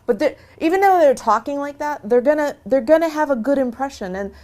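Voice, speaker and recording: A woman telling her own conversion story in a casual, earnest and animated way, speaking straight to her listeners. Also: high-pitched, a little fast. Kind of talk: casual spoken testimony.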